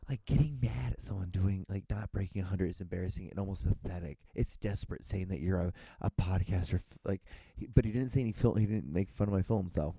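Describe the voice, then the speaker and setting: A man's voice: sits low, fast talker, creaky, few pauses, dark tone, breathy edge, no room sound. A young man hosting a solo podcast, rambling with frequent restarts and casual swearing. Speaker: podcast host.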